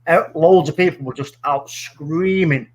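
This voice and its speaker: A middle-aged man telling a story in casual chat, animated and swearing freely. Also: on the high side, measured pace. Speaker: podcast co-host.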